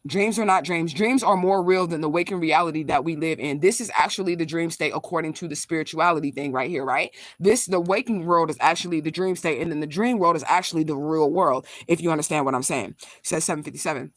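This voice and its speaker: A fast-talking spiritual vlogger recounting a story straight to a live audience, blunt and emphatic, with plenty of swearing. The voice is close and dry, with no room sound around it. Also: mid-range voice, no room sound. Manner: blunt, profane, emphatic retelling; talks straight to viewers, reacts to live comments. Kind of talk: casual livestream storytelling.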